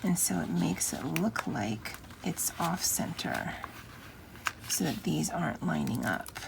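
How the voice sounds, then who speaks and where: A middle-aged woman chatting softly and often half-whispering as she decorates her planner, with a Valley Girl lilt. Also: low-pitched, sing-song, slow, creaky, noisy background. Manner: soft, often half-whispered, self-deprecating. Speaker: planner vlogger. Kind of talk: casual crafting chat.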